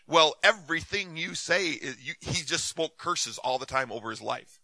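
A man's voice: medium pitch, a little fast, pushed and bright, no room sound, poor audio. A man preaching in a conversational way, telling stories and often repeating his words. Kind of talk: sermon with personal storytelling.

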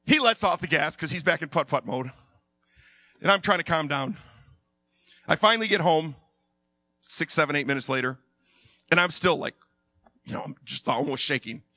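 A middle-aged man preaching through a personal story, animated, acting out his own voice, sometimes dropping low and quiet. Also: dry recording. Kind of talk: sermon told as a personal story.

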